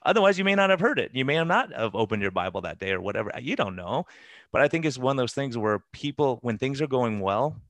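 A man who is a doctor, talking earnestly in an interview with fast, self-interrupting speech. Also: mid-range voice, big pitch swings, fairly bright tone, no echo. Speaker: doctor and podcast guest. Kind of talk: conversational interview.

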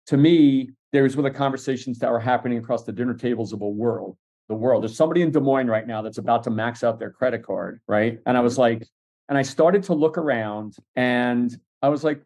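A middle-aged man telling stories in a casual interview, quick and animated, acting out what others said. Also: medium pitch. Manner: fast, animated storytelling with acted-out quotes. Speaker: podcast guest, entrepreneur.

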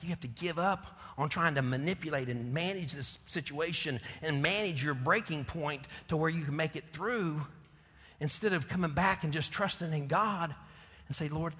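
A man preaching a sermon, moving from soft, close passages to loud, fervent ones. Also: fairly high pitch, slightly rough, big-room sound.

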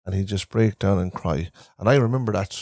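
Here the Irish Traveller host rambles through family tales in a relaxed caravan chat, circling back to repeat himself. His low, warm voice carries vocal fry and moves a little fast, heard in clean studio quality without any room sound.

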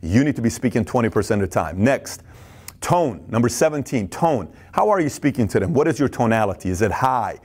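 Intense male speaker lecturing on business, high-energy and animated, with stammers and acted-out lines. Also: brisk, slightly rough. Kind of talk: energetic motivational talk.

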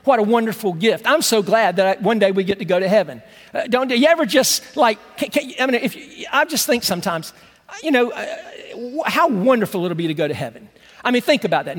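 A male pastor with a very high voice, preaching a sermon in a relaxed, conversational way. He stumbles over repeated words, then slows right down to press home a phrase. The sound carries the long reverb of a church hall. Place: church sanctuary.

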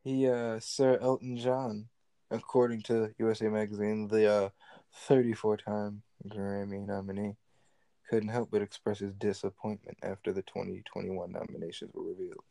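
A young man co-hosting a podcast in casual, animated chat, joking and swearing freely. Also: on the low side, normal speed, vocal fry, no echo. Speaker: podcast co-host.

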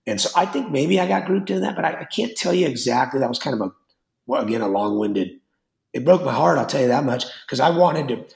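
A man in an interview, a winemaker who talks in a blunt, rambling, animated way and swears casually. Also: medium pitch, gravelly. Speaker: winemaker and wine business owner. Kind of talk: interview conversation. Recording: roomy echo.

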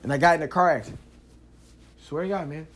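A man hosting a casual solo podcast, telling stories in an animated, slangy way, cursing freely and filling his talk with "yo" and "like". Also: a little high, fast talker. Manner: animated, slangy storytelling with frequent "yo" and "like"; curses freely. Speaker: podcast host.

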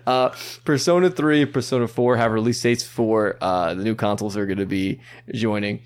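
A man hosting a casual chat, upbeat and quick, with fillers and restarts. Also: fairly low pitch, clear, resonant tone. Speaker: podcast host. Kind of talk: casual chat, presenting news.

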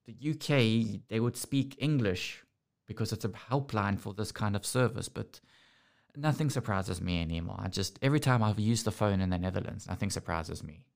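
A man's voice: on the low side, moderate pace, gravelly, darkish tone. A man hosting a casual podcast, ranting sarcastically and often restarting his sentences. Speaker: podcast host.

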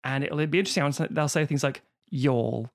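A man's voice: fairly high pitch, steady tone, fast talker. A British man in casual podcast chat, swearing freely and slipping into silly voices. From Britain.

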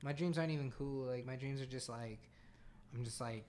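A young man in animated casual chat, swearing and saying "bro" and "like" a lot. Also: mid-range voice, brisk, slight background noise.

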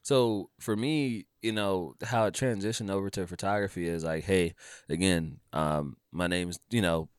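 A man talking casually on a podcast about his photography work, telling animated stories and acting out dialogue. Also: sits low, normal speed, clean tone, no echo, clean studio sound. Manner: animated storyteller, acts out dialogue, says dude and bro.

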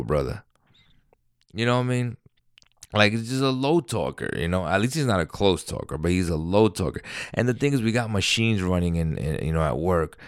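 A man in his thirties with a deep voice, talking in a casual, rambling monologue full of fillers and restarts. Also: no echo, clean studio sound. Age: 30s. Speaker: vlogger.

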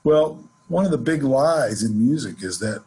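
A man teaching a jazz lesson, explaining scales in a relaxed way and counting off examples. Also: medium pitch, measured pace, breathy edge, soft background music. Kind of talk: instructional lesson with playing examples.

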